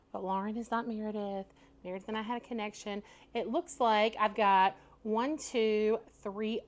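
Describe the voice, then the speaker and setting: A woman chatting casually at home while she unboxes and tries on clothes. She talks in a loose, chatty way, laughs often and fills her speech with "like" and "y'all". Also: a little high. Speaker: fashion vlogger.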